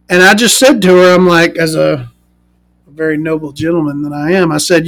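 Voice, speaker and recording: A woman's voice: low voice, fairly even intonation, fairly quick. A woman vlogger telling a story in a casual rant, sarcastic, profane and mocking.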